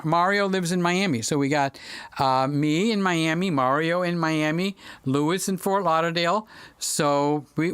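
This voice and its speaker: A man's voice: high voice, fairly bright tone, clean tone, no echo. A middle-aged man hosting a livestream, reading viewer comments aloud and joking around in casual chat, speaking into a studio microphone. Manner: chatty and joking, drifts off topic. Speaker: livestream host.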